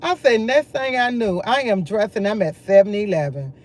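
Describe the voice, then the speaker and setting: A woman's voice: mid-range voice, sing-song, moderate pace, darkish tone. A woman, chatting casually on a morning live stream, drawling and greeting viewers by name.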